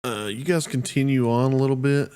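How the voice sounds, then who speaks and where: A man narrating as game master of a tabletop game, relaxed and halting with many fillers. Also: medium pitch, clear, resonant tone.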